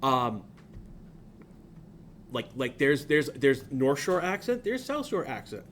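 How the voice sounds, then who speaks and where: A man's voice: medium pitch, big pitch swings, slow, fairly bright tone, a little hiss or hum. A man from southern New England teaching a class, talking in a loose, rambling way that drifts off on tangents. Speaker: instructor. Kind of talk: classroom lecture.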